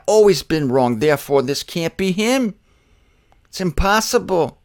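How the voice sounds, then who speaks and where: Guy preaching bible stuff all casual and jokey, gets loud then goes quiet, dry close mic. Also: fairly high pitch, normal speed, dry recording. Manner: animated, swings from loud emphatic bursts to quiet asides; conversational, jokey, addresses listeners directly. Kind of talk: informal Bible teaching.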